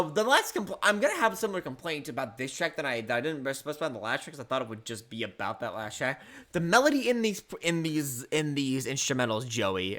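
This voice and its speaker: A man's voice: medium pitch, fairly bright tone. A man giving casual, rambling reaction commentary on an album, repeating himself and swearing freely. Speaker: album reviewer.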